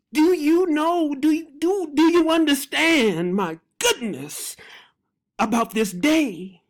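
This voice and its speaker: A Bible teacher in fervent, excited teaching, repeating phrases, praying aloud, and breaking off mid-sentence with laughter. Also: high voice, takes it slowly.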